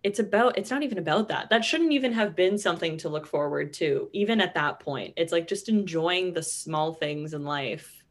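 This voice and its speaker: A young woman in her twenties with a slightly low voice. She reacts effusively and jokes at her own expense, and she swears without a second thought. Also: lively intonation, normal speed. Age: 20s. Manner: effusive and self-deprecating, swears casually. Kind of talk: casual conversation.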